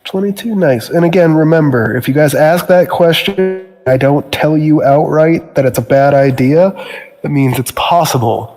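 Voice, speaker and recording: A man's voice: on the high side, normal speed, music in the background. Man narrating as game master, reverberant room.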